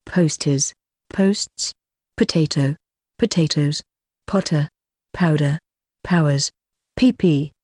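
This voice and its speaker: A woman reading an alphabetical vocabulary list aloud, one word at a time with pauses between. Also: sits low, a little mellow, slightly rough, no echo, clean studio sound. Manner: reads single words one by one with pauses.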